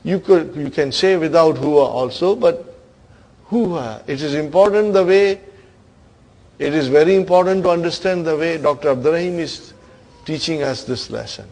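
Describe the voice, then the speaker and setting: A man teaching an Arabic grammar lesson to students, coaxing them along, stretching key words and trailing off softly at the ends of phrases. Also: a little high, moderate pace, gravelly, rough recording. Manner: coaxing, keeps asking "are you with me, brother?".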